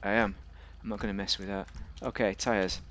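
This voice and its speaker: A man's voice: on the low side, flat delivery, moderate pace, fairly bright tone, slight background noise. A man giving a casual, rambling, jokey commentary while reviewing a car in a video game.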